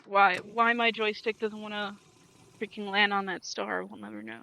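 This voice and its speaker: A woman's voice: mid-range voice, level tone, normal speed, vocal fry, bright, forceful tone. A young woman chatting casually while she plays a video game, ranting in an exasperated way and often cutting herself off. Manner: ranting, exasperated, self-interrupting. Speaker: gaming vlogger. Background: music under the talk.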